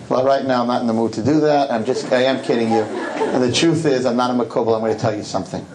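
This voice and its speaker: A man's voice: medium pitch, quick pace, noisy background. A man speaking as a rabbi, telling a story to a live audience and acting out both sides of the conversation in shifting voices.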